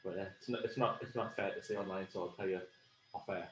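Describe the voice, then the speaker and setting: A man's voice: sits low, fairly even intonation, quick pace, a bit bright, a little hiss or hum. A man with a Sunderland accent co-hosting a casual chat over beers, telling rambling stories and laughing along. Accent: Sunderland (Mackem). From Sunderland, England. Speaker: podcast co-host. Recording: echoey room with faint ambience.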